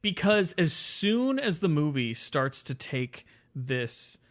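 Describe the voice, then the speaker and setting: A man co-hosting a podcast, talking about a film in a measured, analytical way with hesitant fillers. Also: fairly high pitch, sing-song, a bit bright. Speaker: podcast co-host. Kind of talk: casual film discussion.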